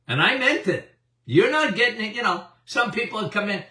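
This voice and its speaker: A man's voice: high voice, animated, a little slow, long pauses, bright, forceful tone. A man in his seventies, a doctor hosting a health talk, speaking emphatically with repetitions and chuckles. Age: 70s. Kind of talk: animated health talk to an audience. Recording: roomy, distant mic.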